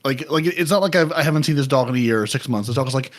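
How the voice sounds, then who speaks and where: A man's voice: mid-range voice, very fast, hardly any pauses. A man co-hosting a podcast in casual chat, telling rambling stories about pets and voicing what they think. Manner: rambling storyteller who acts out pets' thoughts. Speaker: podcast co-host.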